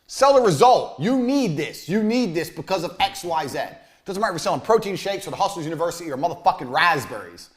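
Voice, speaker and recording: A man's voice: animated, quick pace, hardly any pauses. Blunt, crude man lecturing on business. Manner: crude, forceful, swings between loud emphasis and low asides. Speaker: business speaker. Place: university room.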